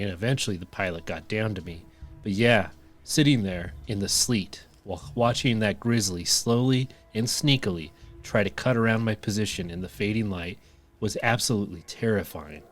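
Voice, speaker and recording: A man co-hosting a podcast, reading listener stories aloud and adding dry jokes. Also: on the low side. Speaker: podcast co-host.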